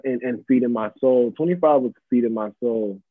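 A man's voice: mid-range voice, brisk, no room sound. A man in his mid-twenties, a guest in a casual interview, talking in a laid-back, reflective way with many fillers. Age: 20s. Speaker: guest, pop-up shop organizer. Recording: tinny phone-line sound.

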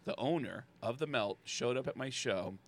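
A man telling a long story in casual podcast chat, acting out quoted people and breaking into loud shouts. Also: mid-range voice, moderate pace. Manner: animated, acts out quotes with loud shouting bursts.

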